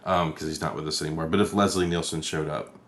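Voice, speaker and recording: Podcast co-host, man, deep voice, swears freely, rambles through movie scenes. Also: steady tone, fast, fairly bright tone, slight background noise. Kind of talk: casual movie chat.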